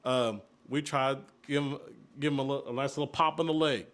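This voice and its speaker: Co-hosting a podcast, a young man chats loosely and fairly quickly in a mid-range male pitch. He recounts family moments with animated storytelling, slipping into the voices of the people involved.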